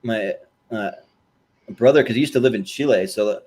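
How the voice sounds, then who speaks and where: A man's voice: lowish voice, normal speed, a little mellow. A man co-hosting a podcast, talking in an easygoing, casual way with hesitant restarts. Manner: easygoing, frequent short agreements and laughs. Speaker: podcast co-host. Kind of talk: casual chat.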